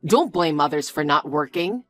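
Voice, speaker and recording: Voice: mid-range voice, animated, normal speed, a bit bright, no echo, faint music behind, close to an everyday voice. A voice actor playing a stubborn, defensive young man in scripted story dialogue, blunt and bossy. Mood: angry.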